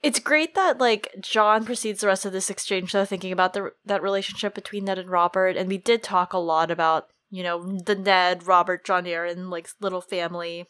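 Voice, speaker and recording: A woman's voice: lowish voice, fairly even intonation, a little fast, hardly any pauses, a bit bright, smooth. A woman co-hosting a casual book discussion, chatty, full of likes and casual swearing. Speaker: podcast co-host.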